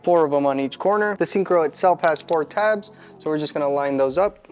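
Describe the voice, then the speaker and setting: A man's voice: fairly high pitch, fairly quick, darkish tone, faint music behind. Chatty man narrating a hands-on repair. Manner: chatty, self-deprecating, talks to himself mid-task. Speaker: home mechanic channel host. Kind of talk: casual how-to narration while working.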